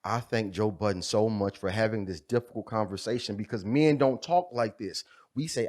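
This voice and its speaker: A man's voice: on the low side, normal speed, hardly any pauses, a little mellow. A man giving a fervent, preacher-like motivational talk about fatherhood, building on repeated refrains. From USA. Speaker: video creator speaking on fatherhood. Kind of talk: impassioned motivational monologue.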